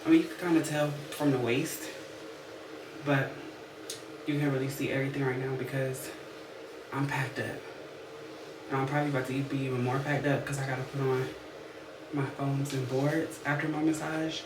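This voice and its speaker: A woman's voice: extremely low pitch, flat delivery, normal speed, long pauses. A young woman vlogging casually, candid and blunt, swearing freely as she talks to her viewers. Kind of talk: casual vlog diary. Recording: background noise.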